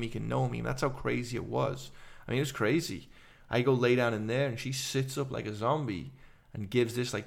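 A middle-aged man with an English accent, a podcast guest telling his story in fast, animated run-on sentences. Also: medium pitch, vocal fry. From England. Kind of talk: casual conversation.

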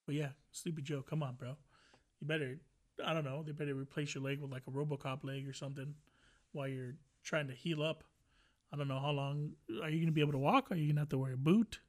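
A man's voice: a little high, steady tone, fast talker. A man hosting a podcast alone, rambling and joking with a lot of profanity in casual chat. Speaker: podcast host.

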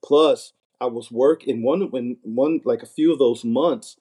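Man, earnest, mellow voice, repeats words, casual chat. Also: mid-range voice, unhurried, slightly rough. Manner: earnest, repeats words when starting a thought. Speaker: podcast guest, married minister.

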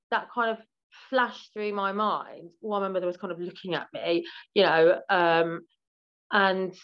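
A woman's voice: mid-range voice, dull audio. A British woman speaking frankly as an interview guest, with lots of fillers and restarts. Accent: British English. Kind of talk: candid podcast interview.

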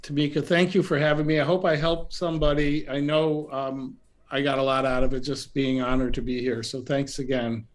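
A man being interviewed as an author on a podcast, talking in a gentle, unhurried way with frequent fillers and restarts. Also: mid-range voice, flat delivery. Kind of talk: reflective interview talk. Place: remote call from home.

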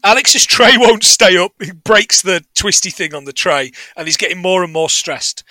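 A man's voice: high voice, lively intonation, moderate pace, pushed and bright, no echo. A man co-hosting a podcast, recapping a film in casual chat, sardonic and sweary, often laughing at his own jokes. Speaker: podcast co-host.

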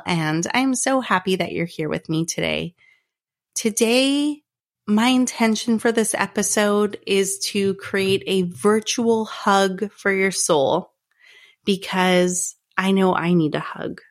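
A woman's voice: medium pitch, slow pace. A woman hosting her own podcast, talking in a heartfelt, earnest way with repeated phrases. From Canada. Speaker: podcast host. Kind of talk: personal podcast monologue.

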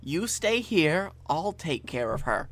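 A man voicing a calm, determined bearded male hero in a comedy podcast story, speaking in an earnest, measured way. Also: a little high, dry recording, voice pushed up, full character voice.

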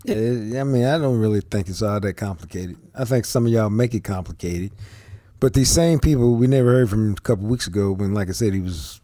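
A man's voice: lowish voice, a little fast, mellow, dry recording, studio quality. Blunt, slangy man on a podcast. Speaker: podcast co-host. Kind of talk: casual sports talk and ad reads.

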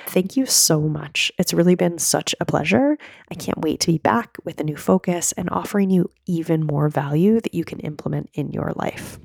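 Low, gravelly-voiced woman podcast host. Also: a little mellow, dry recording, clean studio sound. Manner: earnest, direct coaching tone addressing listeners. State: hoarse from a cold. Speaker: podcast host and mindset coach. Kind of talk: solo podcast monologue.

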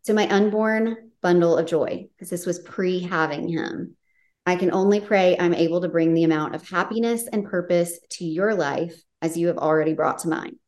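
A woman's voice: lowish voice, normal speed, darkish tone. A woman hosting a podcast interview, gushing with heartfelt praise for her guest and getting emotional. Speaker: podcast host and author. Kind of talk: casual interview chat.

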